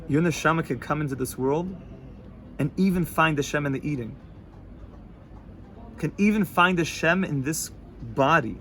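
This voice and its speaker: A rabbi with a somewhat high voice gives a loose, lively Torah class in a yeshiva study hall. His speech dips to near hushes and then rises again, with Yiddish and Hebrew terms dropped into everyday English. A faint hum of the room sits behind him. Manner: animated, swings from loud to hushed, laughs easily.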